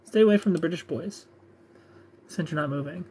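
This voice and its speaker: Chatty young man, slightly high voice. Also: brisk, mellow, a little hiss or hum. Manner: chatty, joking, reads out viewer comments. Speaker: live stream host. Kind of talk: casual live-stream chat.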